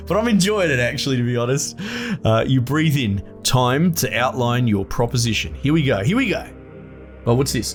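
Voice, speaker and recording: A man commentating a game he plays, reading its choices aloud and thinking out loud, excitable and self-amused. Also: mid-range voice, moderate pace, music in the background. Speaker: gameplay commentator.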